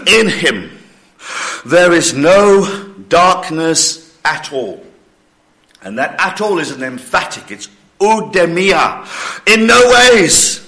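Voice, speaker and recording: Male preacher, breathless and coughing, slow emphatic sermon, fairly high bright voice. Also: big pitch swings. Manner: slow, emphatic preaching with acted-out listener objections.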